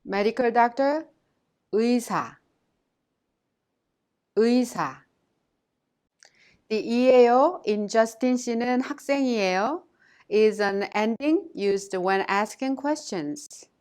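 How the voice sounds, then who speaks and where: Woman, language teacher, scripted lesson, slightly high voice, clear careful delivery. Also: lively intonation, normal speed, long pauses, darkish tone. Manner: clear, careful delivery, saying words twice for learners to repeat.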